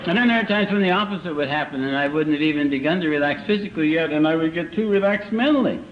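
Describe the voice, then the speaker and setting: An older man giving a recovery meeting talk, telling his story with dry, self-mocking humor and slow, deliberate timing, in a muffled old live recording. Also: fairly high pitch, slight background noise. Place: meeting hall.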